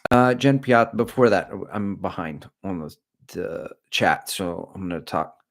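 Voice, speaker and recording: A middle-aged man with a deep, low voice hosts a running livestream. He talks candidly and rambles, cracking jokes as he moves from one thing to the next. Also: expressive, a little slow, gravelly. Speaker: running channel host. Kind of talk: casual livestream chat.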